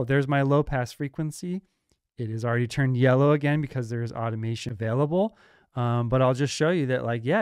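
A man hosting a music production tutorial, explaining software steps in a casual, upbeat way. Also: medium pitch, smooth, no room sound, clean studio sound. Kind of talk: screen-recorded software tutorial.

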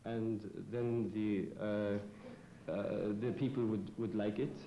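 A man's voice: fairly low pitch, steady tone, dark tone, roomy sound, a little hiss or hum, rough recording. Hesitant man in a put-on foreign accent. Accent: put-on foreign immigrant accent. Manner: halting, hesitant, many fillers. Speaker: comedian guest. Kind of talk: in-character talk show interview.

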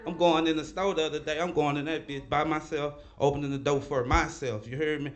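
Loud, animated stand-up comic. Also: male voice, a little high, brisk. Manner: loud, animated crowd work with repeated tags. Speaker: stand-up comedian. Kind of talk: live stand-up comedy. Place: comedy club stage.

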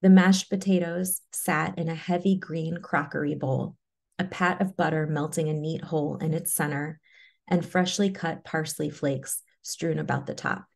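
A woman reading a personal story aloud in a measured, low-key way, then presenting to an audience. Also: steady tone, creaky. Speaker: webinar presenter.

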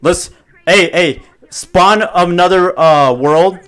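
A young man streaming a VR game, bossily shouting orders and teasing other players with loud playful trash talk. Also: high-pitched, slow. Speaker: streamer leading a group in a VR game.

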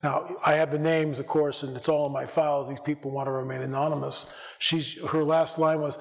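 A hoarse American man telling stories from a church stage, his voice fairly high for a man. He acts out the lines of the people in his stories and keeps clearing his throat. A long hall reverb trails behind every word. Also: fairly quick. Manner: animated, acts out dialogue, frequent restarts. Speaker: conference speaker. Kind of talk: storytelling talk to a church audience.

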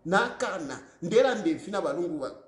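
A man's voice: sits high, big pitch swings, brisk, reverberant. A Zambian man giving emphatic, repetitive political commentary, switching often between English and a local language.

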